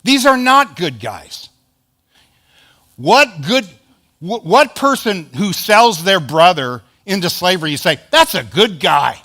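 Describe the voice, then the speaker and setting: A man's voice: sits high, big pitch swings, slow pace, pushed and bright. A male pastor preaching a sermon in a conversational, emphatic way, acting out quoted lines.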